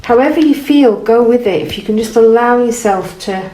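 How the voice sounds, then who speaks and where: A woman gently guiding an art lesson while she paints, encouraging and thinking aloud. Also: a little high, normal speed. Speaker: art teacher. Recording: roomy, from off the mic, faint noise.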